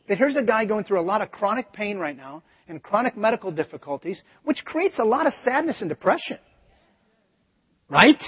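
Middle-aged male pastor, husky high voice, conversational sermon, dull lo-fi church recording. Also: big pitch swings, normal speed. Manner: conversational storytelling with acted asides. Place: church sanctuary. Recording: echoey church hall, dull lo-fi audio.

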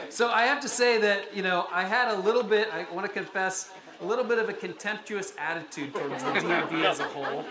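A man's voice: sits high, fairly quick, a crowd in the background. A man in his forties from the United States, a pastor giving a chatty, personal, self-deprecating sermon in a church sanctuary. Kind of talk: conversational sermon. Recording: echoey room with background noise.

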